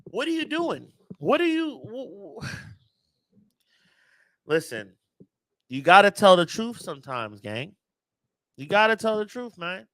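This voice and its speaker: A man's voice: high-pitched, sing-song, slow, pauses often, fairly bright tone, dry recording. A man hosting a football fan channel, giving an emphatic, exasperated reaction rant and talking straight to his viewers.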